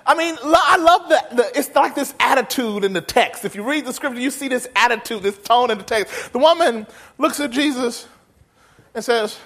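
A man preaching a sermon in a folksy, humorous, animated way. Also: very high voice, moderate pace. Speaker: pastor.

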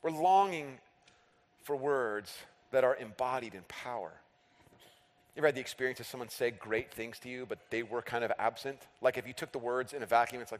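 A man's voice: mid-range voice, fairly quick. A man in his thirties preaching a sermon, telling humorous, self-deprecating personal stories. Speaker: pastor. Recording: long reverb of a large hall.

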